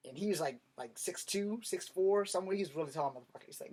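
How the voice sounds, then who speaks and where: A man with a slightly higher voice recounting a story from his past. He talks bluntly and swears freely, with animated emphasis. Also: quick pace, husky. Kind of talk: casual storytelling monologue.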